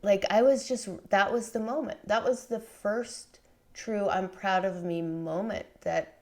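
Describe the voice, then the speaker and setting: A woman's voice: medium pitch, fairly even intonation, unhurried. A middle-aged woman talking candidly as a podcast guest, rambling with lots of fillers and restarts. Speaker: podcast guest, memoir author. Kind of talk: conversational interview.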